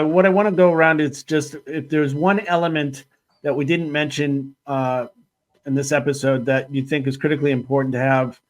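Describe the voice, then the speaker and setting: A man hosting a panel discussion, moving briskly from guest to guest with short acknowledgments. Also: a little high. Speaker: host.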